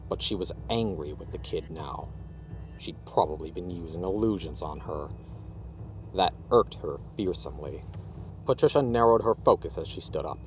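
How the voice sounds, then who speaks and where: A man reading his own fantasy story aloud with expressive narration. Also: low-pitched, slight background noise.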